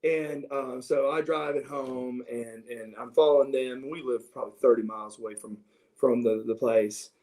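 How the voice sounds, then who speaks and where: A middle-aged man telling stories from his youth in a casual interview, animated and prone to restarts as he acts out what others said. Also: medium pitch, normal speed, rough recording. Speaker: interview guest. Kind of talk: casual storytelling.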